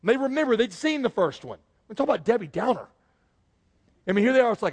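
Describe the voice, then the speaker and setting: A man preaching a sermon as pastor, swinging from quiet, slow emphasis to loud bursts. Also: very high voice, lively intonation, breathy edge, in a large hall.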